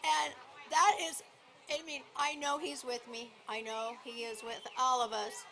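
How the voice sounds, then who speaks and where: A high-voiced middle-aged woman speaks at a memorial, rambling and full of feeling, sometimes calling out loudly. Clear background noise from a live event sits behind her voice. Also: flat delivery, measured pace, low-quality recording. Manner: emotional, rambling, sometimes shouting. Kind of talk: emotional memorial speech.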